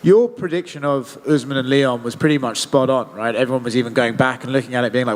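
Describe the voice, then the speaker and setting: Fast-talking interviewer in an echoey hall. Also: male voice, medium pitch. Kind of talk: casual interview question. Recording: long hall reverb.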